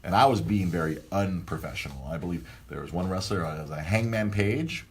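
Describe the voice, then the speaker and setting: A man hosting a casual podcast, telling a rambling, animated story full of restarts. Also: low-pitched, a little fast, slight background noise. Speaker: podcast host.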